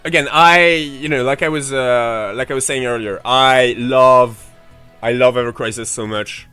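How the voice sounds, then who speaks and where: A man's voice: mid-range voice, fairly even intonation, measured pace, bright, forceful tone, smooth, soft background music. A man streaming a game playthrough, chatting casually, rambling, swearing freely and answering his chat. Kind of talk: casual livestream commentary.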